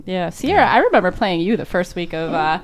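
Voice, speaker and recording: A young adult woman chatting as a co-host, quick with playful remarks. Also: on the low side, big pitch swings, a little hiss or hum. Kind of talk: casual chat.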